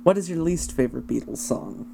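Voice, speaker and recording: A man interviewing a guest, asking brisk quick questions. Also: on the high side, expressive, creaky, mellow, a little hiss or hum.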